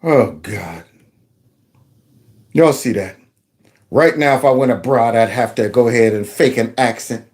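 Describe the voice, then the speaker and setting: A man hosting casual political commentary, mocking and animated, with many fillers and restarts. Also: mid-range voice, moderate pace, soft background music.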